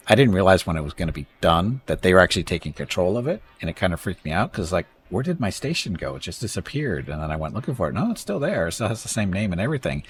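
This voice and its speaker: Gravelly low-voiced man streaming a game. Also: a little hiss or hum. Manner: rambling, chatty, thanks viewers, jokes about words. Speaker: streamer playing a space strategy game. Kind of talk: casual live-stream commentary.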